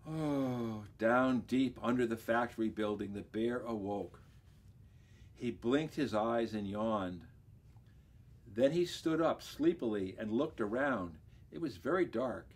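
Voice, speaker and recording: A man, a library director, reading a children's story aloud with expressive, lively storytelling. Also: mid-range voice, slow, slightly rough.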